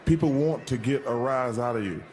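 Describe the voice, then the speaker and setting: A man's voice: medium pitch, brisk, a little mellow. A man on a TV studio panel, talking bluntly and cutting in to get his word in. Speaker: TV studio analyst. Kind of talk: television studio panel talk.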